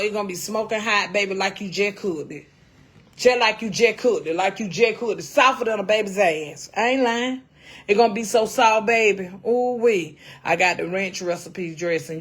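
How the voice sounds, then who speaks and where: A middle-aged woman hosting a casual cooking livestream, folksy and salty, calling her viewers baby and honey. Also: mid-range voice.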